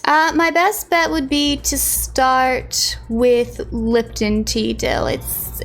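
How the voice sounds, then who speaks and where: A woman with a high voice talks loosely and casually, greeting her viewers one by one as she chats. Faint music plays under her voice. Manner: chatty, greets viewers by name. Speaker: live streamer.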